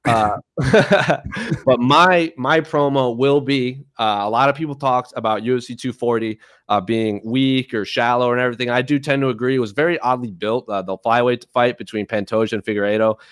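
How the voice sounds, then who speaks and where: A man co-hosting a casual podcast chat, talking eagerly with a joking edge and plenty of "uh" fillers. His voice sits at an ordinary middle pitch. The sound is close and dry. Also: moderate pace, a bit bright, clean tone, no room sound. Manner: enthusiastic, jokey, many fillers. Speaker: podcast co-host.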